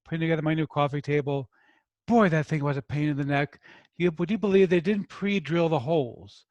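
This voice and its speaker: A man's voice: a little high, a little fast, darkish tone, no echo, highs cut off. A man from New York hosting a review channel in casual, joking chat with his viewers, with no regional accent. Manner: jokey, chatty, talks to viewers. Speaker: product review host.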